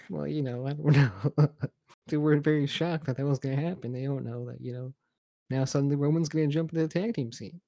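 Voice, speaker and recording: A man's voice: fairly high pitch, fairly even intonation, normal speed, gravelly, mellow, no room sound, clean studio sound. A man co-hosting a wrestling review podcast, jokey and profane, laughing often. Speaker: podcast co-host. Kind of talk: casual wrestling review chat.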